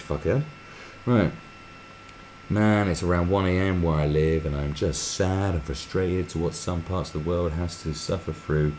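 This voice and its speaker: A man's voice: low voice, moderate pace, a little mellow, slight background noise. A man hosting a live stream, reading viewer comments aloud and mocking them in a crude, sarcastic way.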